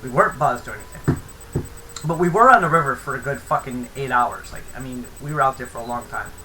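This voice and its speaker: A man's voice: mid-range voice, fairly quick, sharp tone, a little hiss or hum, poor audio. A young man telling a rambling, profane story in a casual vlog. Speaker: vlogger.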